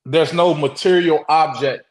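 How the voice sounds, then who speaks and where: A man guest telling a story in casual talk. He speaks haltingly, with many restarts, and acts out the quotes. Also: fairly high pitch, steady tone, echoey room, rough recording. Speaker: interview guest.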